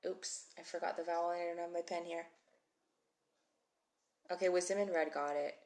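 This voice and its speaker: A woman's voice: lowish voice, fairly even intonation, normal speed, darkish tone. A woman teaching a live-streamed Hebrew reading class, chatty and encouraging as she calls out viewers by name. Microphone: phone mic.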